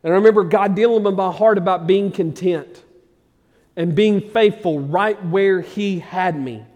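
Man, pastor, sermon, loud emphatic bursts and low quiet passages, high voice, reverberant sanctuary. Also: measured pace. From Arkansas, USA.

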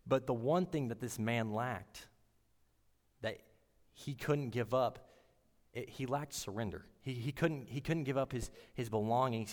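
A man giving a sermon in an earnest, halting way, often restarting his words. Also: mid-range voice, big-room sound. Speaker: preacher.

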